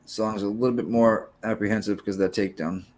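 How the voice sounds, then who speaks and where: A man's voice: on the low side, fairly even intonation, fast talker, a little mellow. Man calling fight action in short bursts. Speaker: podcast co-host. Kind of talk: casual fight commentary.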